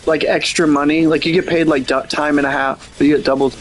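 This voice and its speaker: A man's voice: a little high, flat delivery, brisk, over music. A man streaming a game and chatting casually, rambling and joking, swearing freely. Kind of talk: casual livestream chat.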